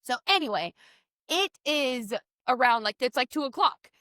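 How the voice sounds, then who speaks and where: A woman from the American South co-hosting a casual podcast, telling stories in an animated way and swearing freely. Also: high-pitched, moderate pace, no room sound, clean studio sound. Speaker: podcast co-host.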